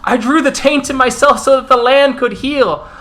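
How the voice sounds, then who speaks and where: A man's voice: very high voice, moderate pace, bright, forceful tone, voice pushed up. A man doing a desperate pleading bear shapeshifter. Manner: pleading, defensive.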